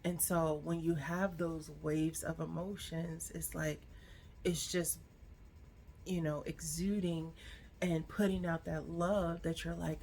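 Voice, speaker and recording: Slow, earnest woman vlogger. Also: sits low, level tone, a little hiss or hum. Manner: earnest, reflective, gentle encouragement. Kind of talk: heartfelt personal vlog talk.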